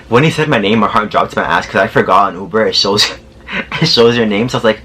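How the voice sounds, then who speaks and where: A man's voice: on the low side, fast talker, sharp tone, a little hiss or hum. A young man telling a storytime vlog in a sassy, profane, dramatic way. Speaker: vlogger. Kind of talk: casual storytime.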